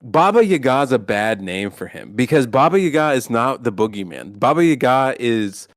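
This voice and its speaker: A man's voice: mid-range voice, moderate pace, no echo. Guy on a podcast rambling and swearing about stuff, mid voice, dry close mic. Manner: rambling, profane, animated movie rant. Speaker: podcast co-host. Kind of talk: casual podcast chat.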